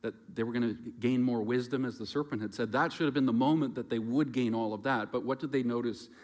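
A man preaching a sermon in a reflective, conversational way, moving between loud emphasis and quiet asides. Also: mid-range voice, fast talker.

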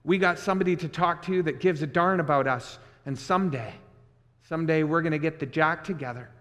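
A man voicing a weary, patient male ranch worker who retells a familiar story in a deeper, rhythmic voice. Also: fairly quick, a bit bright, long reverb tail, lightly acted.

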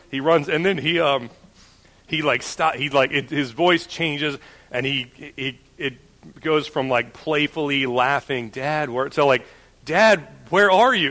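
A young man preaching a sermon, moving from a personal story told in a quiet conversational voice to forceful preaching. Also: mid-range voice. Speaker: pastor. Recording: church hall reverb.

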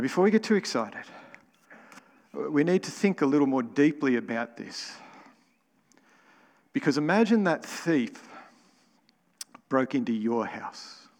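A man's voice: mid-range voice, big-room sound. A man preaching a sermon as pastor, emphatic and building to exclamations. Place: church.

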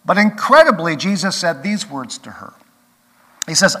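Male pastor, sermon delivery, earnest with emphatic swells; slightly high, bright voice. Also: animated, normal speed. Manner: earnest, rising to emphatic peaks then dropping quiet. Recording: long reverb of a large hall.

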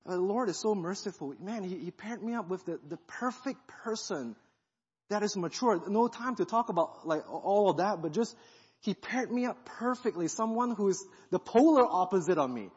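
A guest pastor, a man, giving an animated sermon testimony and acting out the thoughts he is retelling. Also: high voice, normal speed, husky. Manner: animated storytelling, acts out quoted thoughts. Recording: dull sound in a reverberant hall.

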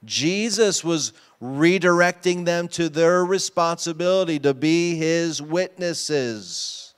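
A man's voice: on the high side, slow, smooth. A pastor preaching a sermon to his congregation, emphatic and often asking them questions. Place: church sanctuary.

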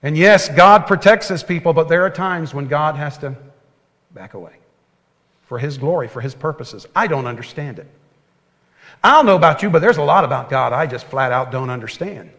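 A pastor delivers his sermon in a somewhat high male voice, earnest and folksy, sinking to a near hush at tender points. The sound carries a long hall reverb, as in a large church sanctuary. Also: animated, a little fast.

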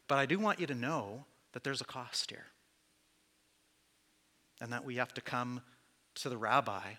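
A man's voice: mid-range voice, measured pace, sharp tone. A man preaching as pastor to his church, candid and conversational, with self-deprecating asides. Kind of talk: sermon.

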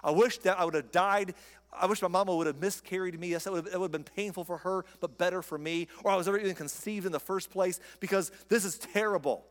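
Grieving man lamenting his life, as a male preacher acts him, anguished, fairly high voice, long hall echo. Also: fairly even intonation, quick pace, lightly acted. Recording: long reverb of a large hall.

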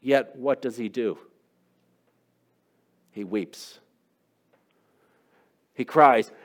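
A man's voice: medium pitch, very slow. A man preaching a sermon, asking the congregation questions in an emphatic way. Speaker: pastor.

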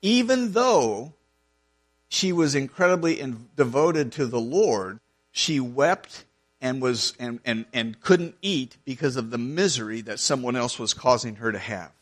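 A man's voice: mid-range voice, animated, measured pace. A man preaching a sermon, reading scripture verse by verse and explaining it in an earnest, conversational way, often restarting his phrases.

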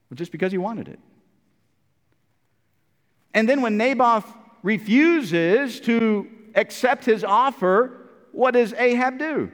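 High-voiced preacher in a reverberant church. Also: male voice, lively intonation, slow pace, long pauses. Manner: storytelling, conversational, repeats words. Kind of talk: sermon.

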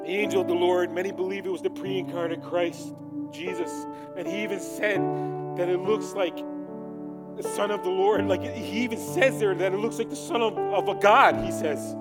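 A man preaching a sermon, retelling a scripture story, swinging from loud fervor to soft, pleading lines. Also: sits high, normal speed, loud music behind the voice.

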